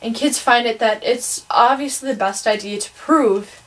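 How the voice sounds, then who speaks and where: A woman's voice: fairly high pitch, normal speed, a bit bright, poor audio. A teenage girl from Wisconsin talks with a Midwestern American accent. She rants casually and with strong opinions. She fills her talk with ums and sos. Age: teens. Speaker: vlogger. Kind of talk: casual ranting vlog.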